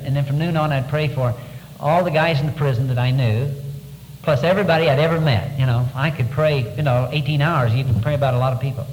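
A man giving a first-person testimony to an audience, telling his story in an earnest, halting way, his voice sinking low at the hardest moments. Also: big-room sound, poor audio. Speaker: former prisoner of war giving testimony.

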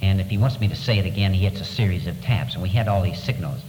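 A man with a somewhat low voice tells a story in an earnest, measured way. He pauses often as he speaks. The recording has a long, echoing reverb and clear background noise. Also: a little mellow. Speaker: speaker recounting wartime captivity. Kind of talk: storytelling talk. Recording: echoey hall with background noise.

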